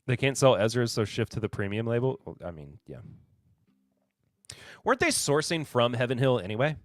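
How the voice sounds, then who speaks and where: A man's voice: mid-range voice, sing-song, brisk, no echo, faint music behind. A man hosting a casual live-stream whiskey podcast, reading new bottle labels aloud in a rambling, sarcastic, self-deprecating way. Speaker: podcast host.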